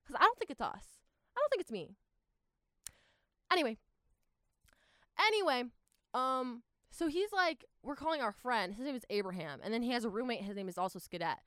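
A young woman in her twenties tells a story in an animated, exasperated way, filling her sentences with "like". Her voice sits fairly high and sounds smooth. The sound is close and dry. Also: normal speed, pauses often, no room sound. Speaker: vlogger telling a travel story. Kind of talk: casual storytime.

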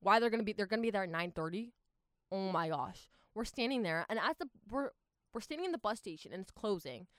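A young woman in her twenties telling a travel story in a casual, animated way, full of "like" and exasperated asides. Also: medium pitch, fast talker, dry recording, clean studio sound.

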